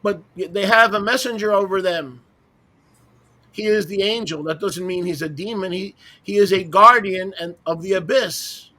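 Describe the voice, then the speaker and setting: A man with a notably high speaking voice teaches a group discussion from his desk. He hammers points with rhetorical questions and scornful little asides. He keeps it conversational, as if walking the others through his screen. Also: normal speed, bright, forceful tone. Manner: emphatic, fires rhetorical questions, mocking asides. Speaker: Bible teacher leading a roundtable.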